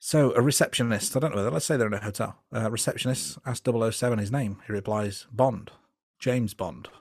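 A man co-hosting a casual film review podcast, relaxed and hesitant, with plenty of fillers and restarts. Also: mid-range voice, fast, dry recording, studio quality. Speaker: podcast co-host.

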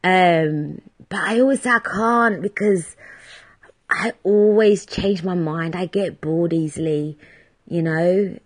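A woman hosting a solo podcast, chatting in a rambling, self-deprecating way. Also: on the low side. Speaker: podcast host. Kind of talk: casual solo podcast chat.

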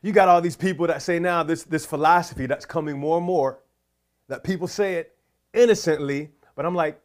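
A man's voice: a little high, a little fast. A man preaching a sermon, fervent and prayerful, repeating his exhortations.

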